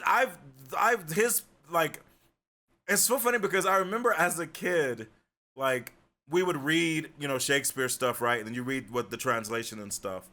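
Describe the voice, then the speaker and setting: A young man streaming, chatting casually and swearing freely as he jokes with his viewers. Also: mid-range voice. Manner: joking, animated, swears freely. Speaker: livestreamer.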